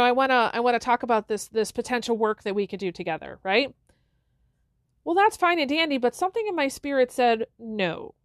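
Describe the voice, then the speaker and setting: Woman podcast host, middle-aged, earnest and halting, fairly high voice, dry close mic. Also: no room sound. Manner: earnest, halting, with frequent fillers and restarts. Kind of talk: reflective solo podcast talk.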